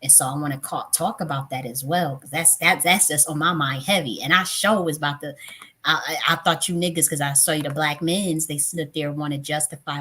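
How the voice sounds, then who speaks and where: A woman's voice: low voice, a little fast, pushed and bright, breathy edge. A woman in her thirties hosting a tarot live stream, talking casually and bluntly with profanity, often getting worked up. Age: 30s.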